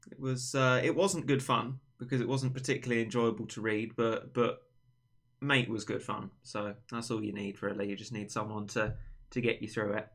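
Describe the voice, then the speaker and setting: A young man hosting a casual livestream chat, rambling and teasing his friend in a playful way. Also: medium pitch. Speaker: livestream host.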